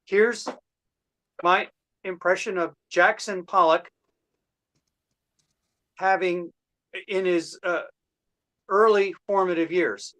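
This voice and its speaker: A man doing a deadpan stand-up set of impressions, talking haltingly over a video call. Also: high voice.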